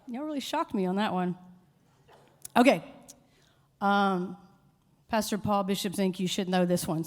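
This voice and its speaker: A woman speaks into a handheld microphone before a live congregation, and her voice rings through a hall with long reverb. Her tone is playful and lively, teasing the room with quick questions and call-and-response. Her pitch sits mid-range for a woman. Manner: playful, quizzing the audience, animated. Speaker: worship leader giving a short church talk. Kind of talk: informal sermon with audience call-and-response.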